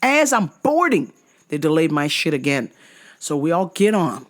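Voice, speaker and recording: A woman telling a profane comic travel rant in an animated manner, jumping into high outbursts. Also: normal speed. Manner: animated, swearing, jumps into high-pitched outbursts. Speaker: vlogger.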